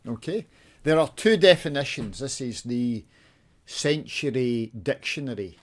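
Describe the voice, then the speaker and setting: A Scottish man talking off the cuff to his viewers, with a voice of middling pitch. He rants and swears in broad dialect, dropping to mutters while he works through a game. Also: lively intonation, measured pace. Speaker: YouTuber. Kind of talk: casual gaming chat with swearing.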